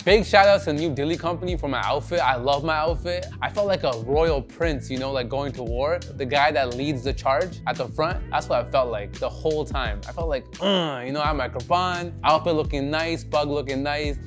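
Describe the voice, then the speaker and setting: A man's voice: on the high side, a little fast, few pauses, music in the background. A man in his twenties, the groom, joking casually about his wedding day in an upbeat way. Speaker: groom and vlogger. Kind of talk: casual vlog chat.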